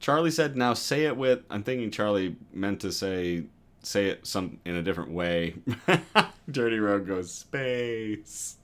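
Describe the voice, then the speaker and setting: A man hosting a news livestream, reading stories aloud and chatting with viewers between them in a lively, self-correcting way. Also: on the low side, a little slow. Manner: lively, reads chat comments aloud and self-corrects with a laugh. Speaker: news show host.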